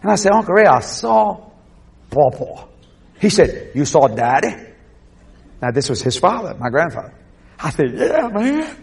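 Cajun preacher guy, husky and gravelly, swings way up and down telling his story. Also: fairly high pitch, normal speed, long pauses. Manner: animated, shouts quoted voices, laughs often. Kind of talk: sermon storytelling.

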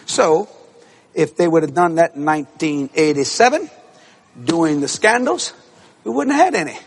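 Lively, gravelly-voiced male preacher. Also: on the high side, normal speed. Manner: animated, acts out voices, bursts into shouts and laughter. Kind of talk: storytelling sermon. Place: church service with congregation.

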